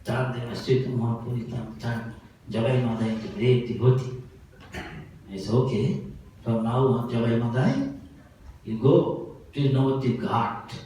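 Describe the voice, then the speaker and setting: A male monk tells a story as part of a sermon, animated and often laughing as he goes. His voice sits in the middle range and comes from some distance away. A big echoing hall and a faint background hum surround it. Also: mid-range voice. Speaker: monk giving a talk. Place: festival hall. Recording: very echoey hall, voice from far off.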